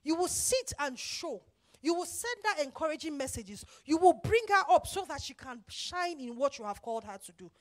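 High-voiced woman pastor preaching. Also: sing-song, normal speed. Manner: emphatic, acts out quoted voices, repeats phrases. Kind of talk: sermon.

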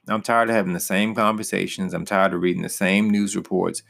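A man's voice: lowish voice, a little fast, gravelly, fairly bright tone. A young man teaching as a pastor in an earnest, personal way, rising with emphasis on key points. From United States.

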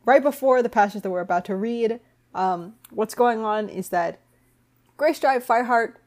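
A woman's voice: on the high side, moderate pace, darkish tone. Chatty woman summarizing a book. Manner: chatty, uses fillers like "like" and "um". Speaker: book podcast host. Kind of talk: casual chat.

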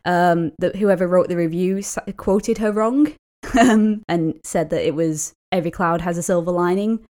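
Lower-voiced woman chatting casually on a podcast. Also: normal speed, a little mellow. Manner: explains facts with frequent laughs and fillers. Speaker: podcast co-host.

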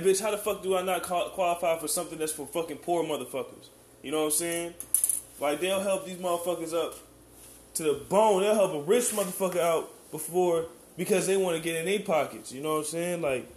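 An American man delivers a heated, rambling rant in a somewhat high voice. His talk is full of profanity and restarts. He keeps checking in with the listener. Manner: keeps asking "you know what I'm saying". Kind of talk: ranting monologue.

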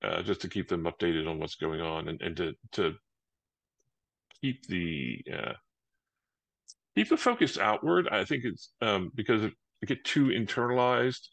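Male guest author, very low gravelly voice, dry close sound, halting speech. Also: fairly bright tone, no echo. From Maryland, United States. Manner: hesitant, many "uh" fillers and restarts. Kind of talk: casual interview answers.

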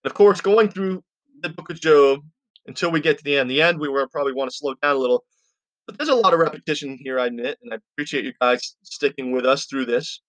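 Slightly high-voiced man teaching scripture. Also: quick pace, a bit bright, dry recording. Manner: reads scripture, then explains it in plain casual talk; informal, addresses listeners as "you guys". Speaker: Bible teacher, podcast host. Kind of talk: podcast Bible teaching.

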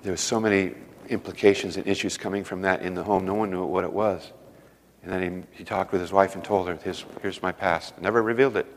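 A man preaching a sermon, telling personal stories earnestly, going from loud emphasis down to a hushed voice. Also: sits low, steady tone, a little fast, in a large hall, slight background noise. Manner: earnest storytelling, swings from loud emphasis to hushed near-whisper. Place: church service hall.

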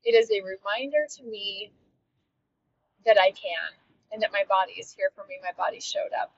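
A woman's voice: mid-range voice, lively intonation, moderate pace, slightly rough. A woman hosting a podcast and coaching fitness, talking in a heartfelt, reflective solo monologue with frequent restarts. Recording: dull, slightly lo-fi with faint noise.

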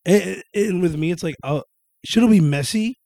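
A young man chats casually into a close microphone, his voice sitting a bit high for a man. He swears freely and keeps things lively. The sound is dry, with no room around it. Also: normal speed, vocal fry, no echo. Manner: profane, animated, slips into joking impressions. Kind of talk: casual chat.

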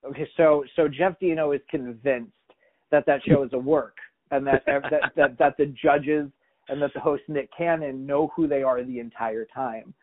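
Rambling podcast host, tinny sound. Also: male voice, medium pitch, fairly even intonation, moderate pace. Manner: rambling storyteller, many restarts and quoted voices. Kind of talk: casual chat.

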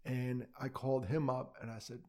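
A man's voice: medium pitch, little pitch movement, moderate pace, a little mellow. A middle-aged man, a podcast guest, telling a personal story in a candid, conversational way, with quoted asides.

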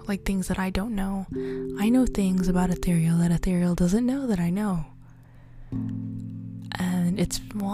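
A woman speaking a personal confessional diary, softly and often in a whisper, halting and introspective. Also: on the low side. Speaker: podcast diarist. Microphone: audio on one channel only. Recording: music playing behind.

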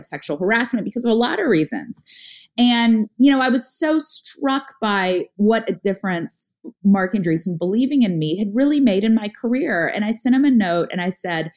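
A middle-aged woman telling a story in casual conversation, talking fast with lots of filler words and acting out what people said. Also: medium pitch, darkish tone. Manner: fast, chatty, lots of "like" fillers, acts out her own past lines. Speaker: guest, startup founder.

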